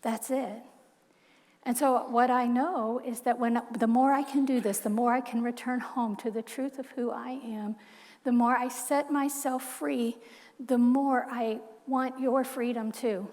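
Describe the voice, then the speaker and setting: A woman minister preaching a heartfelt sermon in a soft, measured voice. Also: fairly high pitch, fairly even intonation. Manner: heartfelt, soft-spoken, slow measured reading. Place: church sanctuary. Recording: long church hall reverb.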